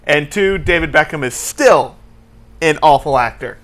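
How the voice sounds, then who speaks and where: A man co-hosting a casual comedy chat show, loud and profane, joking freely. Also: on the high side, unhurried. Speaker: co-host.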